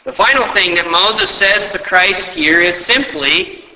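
A man preaching a sermon, often asking rhetorical questions and rising sharply in pitch for emphasis. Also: unhurried, pushed and bright, long reverb tail, low-quality recording. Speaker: pastor.

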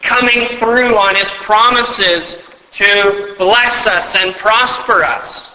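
A man's voice: sits high, slow pace, sharp tone. A male pastor preaching a sermon, earnest and emphatic, with rhetorical questions. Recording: echoey hall with long reverb.

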